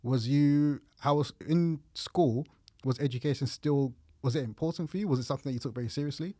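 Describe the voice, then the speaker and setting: A young man of Ghanaian heritage raised in England, hosting a relaxed, curious interview chat. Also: medium pitch, a little fast, dry recording, studio quality. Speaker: podcast host.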